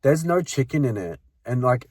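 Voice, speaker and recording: A man's voice: medium pitch, big pitch swings, moderate pace, a little mellow, no echo. A young man telling his own workplace stories in casual chat, laughing often and chiming in with wisecracks. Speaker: co-host.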